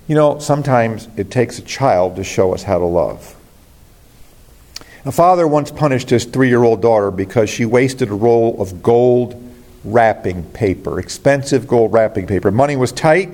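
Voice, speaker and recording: A man's voice: mid-range voice, darkish tone. A man preaching a sermon as a pastor, earnest and rising to emphatic exclamations.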